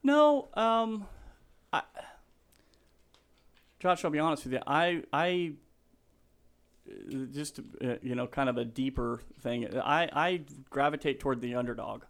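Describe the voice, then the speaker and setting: A man's voice: a little high, expressive, measured pace, long pauses, fairly bright tone, smooth. A middle-aged man, a real estate agent, talking in an earnest, openly sentimental way on a casual podcast interview. He rambles and restarts often.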